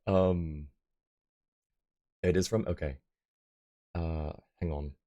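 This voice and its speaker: A man's voice: rumbling low, steady tone, slow, dark tone. A young man streaming live, chatting casually and rambling as he answers his viewers' messages.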